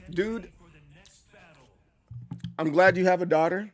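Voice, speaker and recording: Streamer, forties, drawl, higher-pitched, excitable and full of restarts. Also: male voice, moderate pace, faint music behind. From Southern US. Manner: animated, stumbling restarts, acts out quoted voices. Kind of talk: casual live-stream chat with chat.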